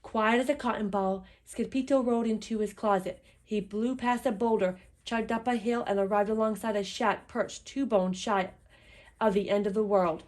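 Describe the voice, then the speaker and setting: A woman reading a children's picture book aloud in an expressive, lively storytelling manner. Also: medium pitch, normal speed.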